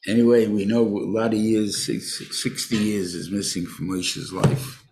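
An older man teaching a Torah class in a halting way, often restarting and mixing in Hebrew terms. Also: lowish voice, steady tone, darkish tone. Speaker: rabbi teaching a weekly class.

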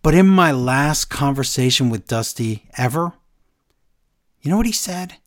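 Animated man recapping a story. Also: medium pitch, unhurried. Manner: animated storyteller, quoting others in a flat retelling voice. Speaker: podcast co-host. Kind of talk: casual chat, recapping a wrestling segment.

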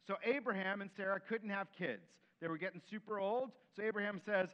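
Man preaching, voice sits high, lively storytelling, acts out the quotes, slightly muffled recording. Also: fairly quick, few pauses. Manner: animated, acts out quoted voices, drops to soft tones. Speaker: pastor. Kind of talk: sermon.

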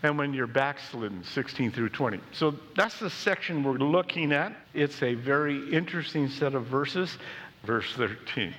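Man preaching with a bright, ringing voice. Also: mid-range voice, moderate pace, in a large hall, poor audio. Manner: animated preaching that swings between lively and hushed. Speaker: pastor. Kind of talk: sermon with storytelling.

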